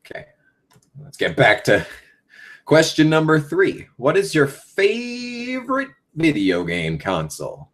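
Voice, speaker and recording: A man's voice: on the high side, huge pitch swings, takes it slowly. A young man in his late teens hosting a casual live Q&A as a gaming YouTuber. He rambles with lots of ums and swears freely.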